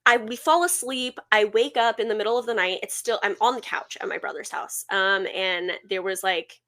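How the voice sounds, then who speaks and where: A young woman recounts a personal story on a podcast in a loose, chatty way. She fills her sentences with "like" and "um" as she goes. Her voice sits in an ordinary middle pitch. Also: moderate pace, pushed and bright. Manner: chatty, full of "like" fillers, storytelling. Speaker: podcast co-host. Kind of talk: casual chat.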